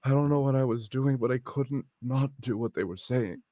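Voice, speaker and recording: A man voicing a frightened, confused woman just freed from a trance, halting and pleading, with a slight lisp. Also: on the low side, steady tone, dry recording. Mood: distressed.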